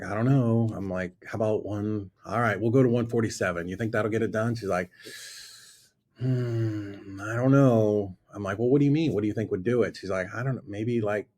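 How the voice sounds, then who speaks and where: A man telling an animated story about his past, acting out both sides of a conversation. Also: on the low side. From Florida. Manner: lively storyteller who acts out both sides of dialogue. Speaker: guest investor telling a story. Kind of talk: animated anecdote on a talk show.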